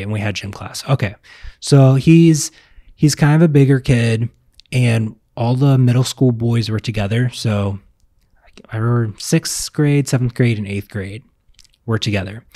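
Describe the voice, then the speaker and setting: A man's voice: mid-range voice, warm tone. A young man from Virginia talks casually at home and rambles through his stories. He often stops to correct himself. His voice sits in a middle range and sounds dry, with no room echo. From Virginia, US South. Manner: rambling, self-correcting storyteller. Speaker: vlogger. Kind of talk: casual chat. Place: home, indoors.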